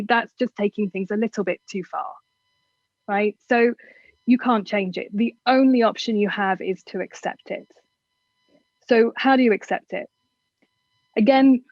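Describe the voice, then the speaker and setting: A woman's voice: medium pitch, a little mellow, no room sound, lo-fi sound. A woman from England with a generic southern English accent, giving frank, chatty advice as an interview guest. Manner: frank, chatty, self-deprecating.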